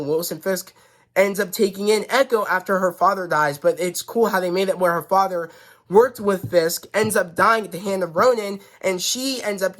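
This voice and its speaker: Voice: medium pitch, a bit bright. A reviewer talking casually through a show episode, rambling and retelling scenes with frequent "you know" and restarts. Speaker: YouTube reviewer.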